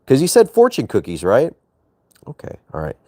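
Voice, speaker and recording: A man's voice: medium pitch, huge pitch swings, moderate pace, a little mellow, no echo, clean studio sound. A young man chatting casually to his viewers on a late-night livestream, playful and teasing with joking innuendo.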